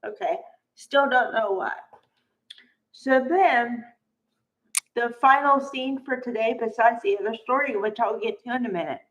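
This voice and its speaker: Chatty woman with a slow delivery. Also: a little high, a bit bright, muffled recording, a little hiss or hum. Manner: chatty, acts out quotes, many okays and asides. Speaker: soap opera recap commentator. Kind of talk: casual spoken recap.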